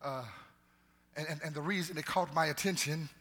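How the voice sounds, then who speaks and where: A male pastor preaches with a bright, forceful voice that has a husky edge. He calls out to the congregation, stumbles into runs of repeated words and then surges into loud, climbing peaks. His pitch sits a little high for a man. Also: steady tone, moderate pace. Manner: call-and-response preaching, repeats words, rises to shouts. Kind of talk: sermon. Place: church sanctuary.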